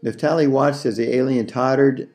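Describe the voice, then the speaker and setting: A man narrating an audiobook story in a slow, measured reading. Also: mid-range voice, steady tone, a little mellow.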